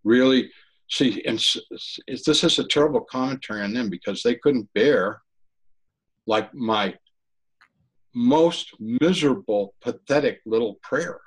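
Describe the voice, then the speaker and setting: A man giving an earnest personal testimony in an interview, talking haltingly with frequent restarts. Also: mid-range voice, breathy edge, low-quality recording. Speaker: interview guest.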